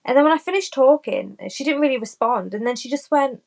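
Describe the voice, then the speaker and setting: Brief: higher-pitched English woman, playful podcast storyteller. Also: a little fast, creaky. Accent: British. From England. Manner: lively anecdote telling, acts out voices. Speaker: podcast co-host. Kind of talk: casual chat.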